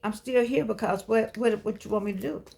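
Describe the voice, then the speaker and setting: Sixties woman, slightly gravelly, talks straight to camera like a sermon among friends. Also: medium pitch, a little fast, a little mellow. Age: 60s. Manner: chatty, preachy, folksy and emphatic. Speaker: vlogger speaking to seniors. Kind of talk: casual motivational talk to camera.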